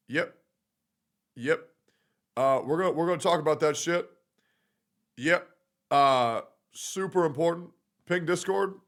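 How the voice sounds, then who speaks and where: A man streaming in a casual livestream, talking in a brash, profane, repetitive way. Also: a little high.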